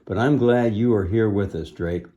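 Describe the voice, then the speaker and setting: A dutiful young dragon master from a children's storybook, as a man reading aloud puts them on. The voice is low and mellow, slow and earnest. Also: muffled recording, lightly acted. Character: solemn young dragon master, sworn protector.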